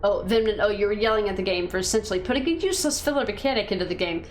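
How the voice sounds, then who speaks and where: A woman's voice: medium pitch, racing, slight background noise. A woman streaming a game, chatting casually with her viewers and thinking aloud with fillers and restarts. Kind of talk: casual chat reading viewer comments.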